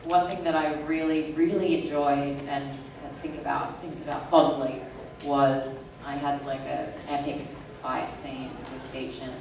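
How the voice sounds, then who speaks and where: A woman's voice: rumbling low, little pitch movement, measured pace, gravelly, background noise. A woman on a convention panel, chatting in an enthusiastic, rambling way. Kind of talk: casual panel chat. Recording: echoey hall from far off.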